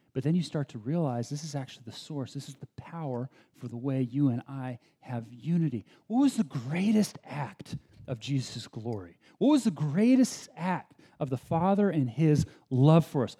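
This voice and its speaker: Animated man preaching a casual sermon. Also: mid-range voice, moderate pace, husky. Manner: conversational, self-deprecating, animated with asides. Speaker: pastor.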